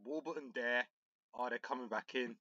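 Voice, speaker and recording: A man's voice: medium pitch, moderate pace, no room sound, muffled recording. Agitated young man. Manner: frustrated, excitable, swings between muttering and outbursts. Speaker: gaming YouTuber. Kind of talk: football manager game commentary.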